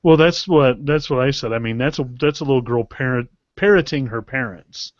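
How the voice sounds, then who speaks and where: A man's voice: medium pitch, fairly quick, no echo. A man with a mid-range voice adding dry, wry asides on a casual podcast. The recording is close, dry and a little muffled. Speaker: podcast co-host.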